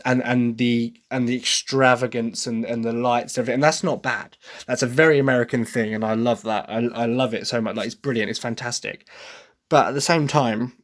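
An English man hosting a podcast, talking through his opinions in a casual, hesitant way with many restarts. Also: mid-range voice. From England. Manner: chatty, hesitant, breaks into sung impressions. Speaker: podcast host reviewing a musical. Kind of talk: casual solo commentary.

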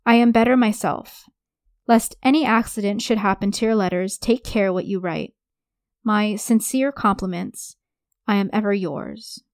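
A woman's voice: medium pitch, no echo, clean studio sound, natural voice. A woman reading a young woman's anxious letter to her lover. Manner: hurried, anxious letter-writing.

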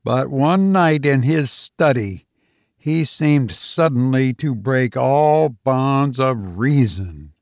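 A man reading a story aloud as an audiobook narrator, in a measured, deliberate manner. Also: mid-range voice, lively intonation, no room sound, studio quality. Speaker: audiobook reader.

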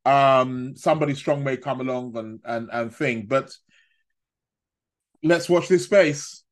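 A man hosting a casual live stream, his voice sitting a little high for a man. He rambles, trips over his words and laughs at his own asides, in a loose, chatty way. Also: unhurried. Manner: rambling, stammers and restarts, laughs at own jokes. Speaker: astrology live-stream host.

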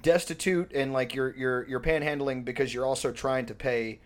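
A man on a casual podcast, telling stories in a rambling, profane, animated way. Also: medium pitch, moderate pace. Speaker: podcast co-host. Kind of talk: casual comedic chat.

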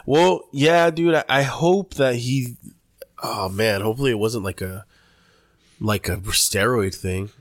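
A man's voice: medium pitch, measured pace, no echo. Laid-back slangy podcast guy, dry sound. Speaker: podcast co-host. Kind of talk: casual chat.

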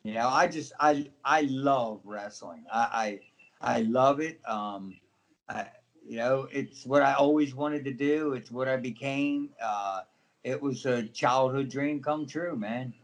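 A middle-aged man, a professional wrestler, telling animated stories in a casual interview, acting out the people in them and laughing often. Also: mid-range voice, measured pace.

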